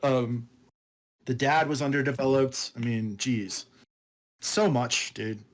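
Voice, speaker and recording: A man's voice: medium pitch, slow pace. A man co-hosting a podcast, chatting casually and rambling through a book review, laughing often and calling his friend dude. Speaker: podcast co-host.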